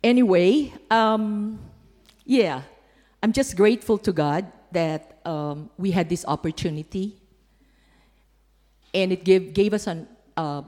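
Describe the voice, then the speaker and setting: A woman's voice: medium pitch, slow, pauses often, darkish tone, big-room sound. A woman giving a heartfelt church testimony about mission work while showing slides, her storytelling emotional and sincere.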